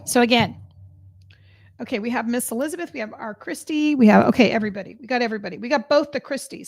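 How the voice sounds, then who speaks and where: A woman hosting a live stream as a psychic reader, chatting casually and excitedly with her viewers. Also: on the high side, fast, gravelly, dry recording, clean studio sound.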